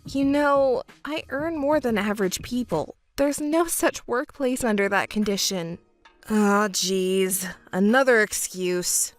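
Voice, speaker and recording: A woman's voice: mid-range voice, slow, faint music behind, lightly acted. A woman voicing an arrogant young fiancé who talks down to his partner in a scolding, condescending way. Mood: scornful. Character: arrogant self-important young man, fiancé. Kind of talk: texting story voice acting.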